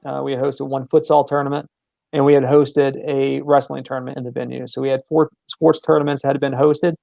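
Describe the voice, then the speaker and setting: A man's voice: medium pitch, level tone, a little fast, vocal fry, dark tone, no room sound, lo-fi sound. A man with a Southern American accent, a sports center manager explaining his venue at length in an interview, with many fillers and repeated words.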